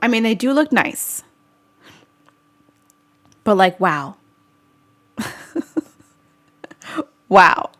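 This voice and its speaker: A woman's voice: medium pitch, animated, drawn-out words, pauses often, a bit bright. A woman vlogger hosting a casual live-stream chat, chatty and giggly as she answers viewer comments.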